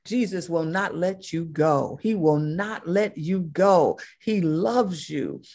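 A woman's voice: on the low side, slow, a little mellow. A woman preaching a sermon, impassioned, driving her points home with emphatic repetition.

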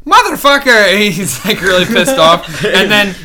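A young man chatting casually on a podcast, telling animated work stories and jumping into high voices to quote people. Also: measured pace, crowd noise. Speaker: podcast co-host. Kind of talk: casual chat.

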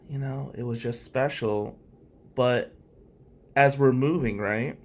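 A man's voice: medium pitch, steady tone, takes it slowly, slight background noise. A man telling a personal story in a candid, emotional way, with sighs along the way. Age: adult, past law school. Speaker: storyteller recounting his past.

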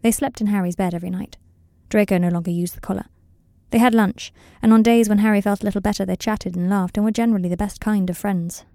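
Woman reading a story, mellow and kinda gravelly, super dry close mic. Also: mid-range voice, steady tone, fast, no echo. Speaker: audiobook reader. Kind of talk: scripted narration.

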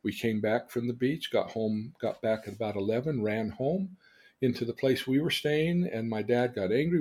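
An older man, a change coach, teaching through lively personal stories and acting out the people in them. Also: mid-range voice, normal speed. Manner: animated storyteller who acts out quoted dialogue. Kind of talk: storytelling lesson on a podcast.

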